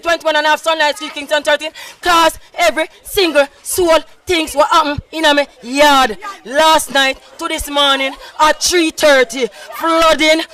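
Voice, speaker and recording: A man with a Jamaican accent, a flood-hit resident loudly pleading and repeating his demands. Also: very high-pitched. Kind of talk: street interview complaint.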